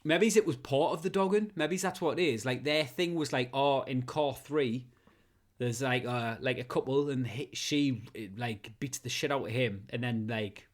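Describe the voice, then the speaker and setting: A man's voice: mid-range voice, normal speed. A man, co-hosting a casual comedy podcast, rambling and swearing through his rants. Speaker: podcast co-host.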